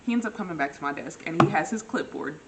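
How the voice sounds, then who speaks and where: A young woman vlogger telling a dating story in a relaxed, self-mocking way, jumping up in pitch to act out what people said and laughing at herself. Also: quick pace, very noisy. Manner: animated, acts out quotes with big pitch jumps. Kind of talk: casual storytelling.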